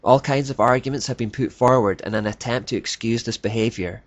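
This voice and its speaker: A man reading scripted documentary narration in a measured, declarative way. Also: mid-range voice, no room sound. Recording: dull lo-fi dry voice-over.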